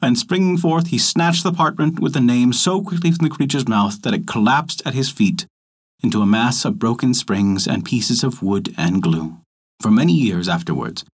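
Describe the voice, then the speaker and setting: A man reads an old folktale aloud in a measured, storytelling manner. His voice is husky, and his pitch rises and falls a great deal as he narrates. It is a scripted storybook reading. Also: animated, faint music behind.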